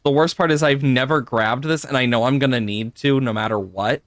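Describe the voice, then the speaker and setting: A man's voice: mid-range voice, a little fast, no room sound, clean studio sound. A man streaming a puzzle game live, chatting to viewers, laughing often and swearing now and then. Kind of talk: live gameplay commentary.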